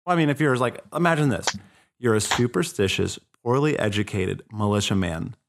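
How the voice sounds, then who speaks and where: Laid-back, low-voiced man telling history. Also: lively intonation, a little fast, vocal fry, noisy background. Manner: irreverent, swearing, jokey asides. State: a bit tipsy. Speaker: podcast host. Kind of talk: casual history podcast narration.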